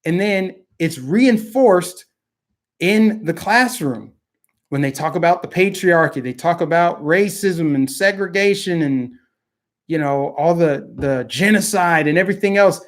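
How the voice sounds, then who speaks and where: Heated, higher-voiced man ranting. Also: lively intonation, measured pace. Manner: heated, indignant, mocking voices of opponents. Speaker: political commentary host. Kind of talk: casual opinion monologue.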